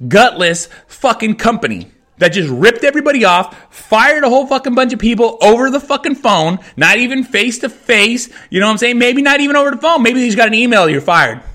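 A man delivers a furious podcast rant and swears almost every line. His voice sits high and sounds bright and tense. He circles back to the same phrases again and again. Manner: heavy swearing, repetitive, furious. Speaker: podcast host. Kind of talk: angry rant.

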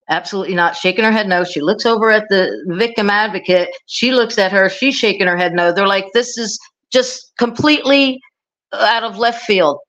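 Middle-aged woman, podcast guest, rambling storytelling, slightly dull sound. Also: mid-range voice. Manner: rambling, many restarts, animated quoting. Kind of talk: casual storytelling.

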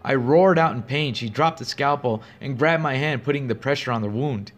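A man narrating a first-person horror story in a steady, grave, suspenseful way. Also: mid-range voice, moderate pace.

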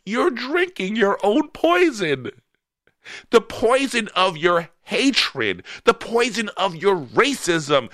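High bright guy ranting politics, voice jumping all over, sarcastic. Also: no room sound, studio quality. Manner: animated, sarcastic, shouts at the listener. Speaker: political commentator. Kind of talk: political commentary monologue.

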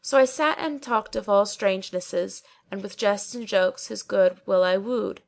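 A woman narrating an old tale in a measured, storytelling delivery. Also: medium pitch, vocal fry. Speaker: audiobook reader. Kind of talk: scripted narration.

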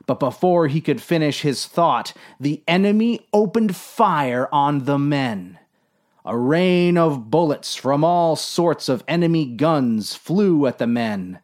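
A man narrating a comic story in a dry, unhurried, deadpan way. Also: a little high.

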